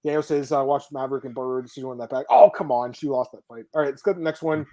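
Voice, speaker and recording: A man hosting a podcast in casual sports chat, excitable, swearing now and then and reading out viewer comments. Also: medium pitch, very fast. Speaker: podcast host.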